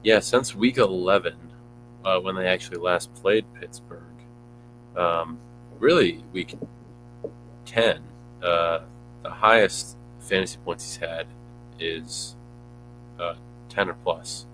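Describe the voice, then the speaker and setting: A man's voice: sits low, takes it slowly, pauses often, fairly bright tone, slight background noise, low-quality recording. A man co-hosting a casual fantasy football show, easygoing and chatty, hedging his points. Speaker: podcast co-host.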